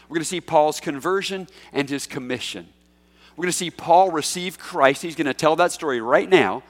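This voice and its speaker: A man preaching through a passage of scripture, his voice sitting a little higher than most men's. He is emphatic and swells to loud peaks on key lines. The sound carries the long reverb of a large church hall. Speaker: pastor. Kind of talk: expository sermon.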